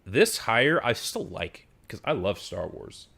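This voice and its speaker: A man's voice: lowish voice, a little slow, gravelly, husky. A man giving a casual film review monologue, ranting and swearing freely with lots of fillers. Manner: animated, profane ranting with frequent fillers.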